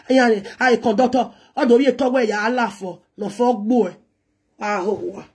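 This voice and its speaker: Husky Nigerian woman ranting. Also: a little high, brisk, darkish tone. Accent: Nigerian Pidgin English. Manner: scolding, insulting, switches into chanted local-language lines. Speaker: presenter. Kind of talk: ranting monologue.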